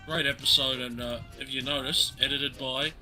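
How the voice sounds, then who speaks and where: A man's voice: medium pitch, fairly even intonation, moderate pace, loud music behind the voice. A man hosting a casual commentary chat, enthusiastic and opinionated, often laughing.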